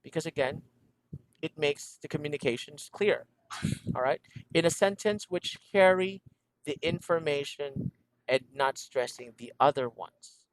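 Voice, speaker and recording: A man's voice: fairly high pitch, a little slow, no room sound. A man teaching a one-on-one English lesson over a video call, patiently repeating instructions and laughing often. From Philippines.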